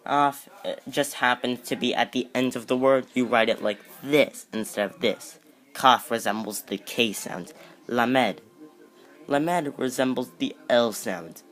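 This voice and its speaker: A man giving an informal lesson on an alphabet, unhurried and self-correcting, with jokey asides. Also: mid-range voice, a bit bright. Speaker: amateur teacher.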